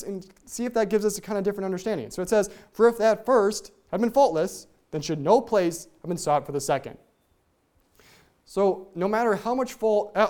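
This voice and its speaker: A Bible teacher walks listeners through scripture in an explanatory study message, stopping often to ask rhetorical questions. Passages are read aloud in old King James wording. The voice sits at an ordinary middle pitch. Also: darkish tone.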